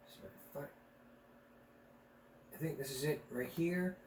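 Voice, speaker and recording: A man with a high voice hosts a casual vlog, rambling crudely and laughing at his own jokes. His voice bounces around an echoey room. A faint background noise sits underneath. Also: moderate pace, darkish tone. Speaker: vlog host. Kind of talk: casual comic vlog chat.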